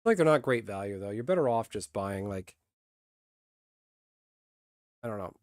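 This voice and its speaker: A man's voice: lowish voice, animated, normal speed, a little mellow, no room sound, studio quality. A male streamer in casual live-stream chat, blunt and grumbling, swearing freely.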